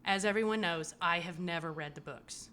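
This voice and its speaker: A woman's voice: lowish voice, normal speed, sharp tone, a little hiss or hum. Chatty, sarcastic woman podcast host. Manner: chatty and sarcastic, swears, trails off. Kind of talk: casual podcast recap chat.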